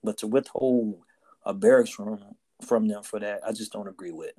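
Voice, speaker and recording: A man's voice: on the low side, normal speed, mellow. A man co-hosting a casual podcast chat, telling a story and often tagging lines with "right?" and "you know". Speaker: podcast co-host, Navy sailor.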